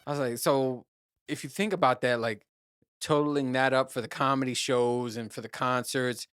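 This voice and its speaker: A man's voice: medium pitch, fairly even intonation, moderate pace, fairly bright tone, clean tone. A middle-aged man from New Jersey, talking in a rambling, profane, self-mocking way as host of a casual solo show. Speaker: podcast host.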